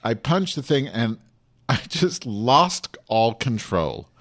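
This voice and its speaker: A man co-hosting a casual chat, telling a story with big animated delivery. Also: medium pitch, slow. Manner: animated, breaks into loud shouting when acting out quotes.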